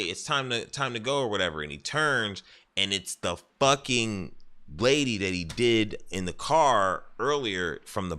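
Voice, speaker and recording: A man's voice: sits low, bright, forceful tone. A man streaming, casually retelling a show's scenes with profanity and acted-out quotes. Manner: rambling, profane, acts out quotes. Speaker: gaming streamer. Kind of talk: casual recap of a show.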